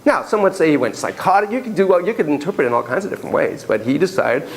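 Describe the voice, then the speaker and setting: A middle-aged man lecturing on psychotherapy to a class, telling stories in an animated, digressive way full of asides. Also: fairly high pitch, racing, vocal fry, hardly any pauses, low-quality recording. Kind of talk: lecture with storytelling.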